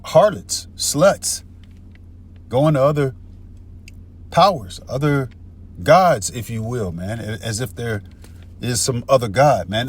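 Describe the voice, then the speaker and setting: A man's voice: mid-range voice, husky. A man teaching from scripture in a heated, profane, casual way, calling the listener "man" and "bro". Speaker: street-style scripture teacher.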